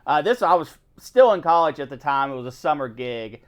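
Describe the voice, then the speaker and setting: A man's voice: on the high side, brisk. A man telling work stories in a casual chat, acting out what other people said. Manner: animated storytelling, acts out other people's lines. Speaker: co-host.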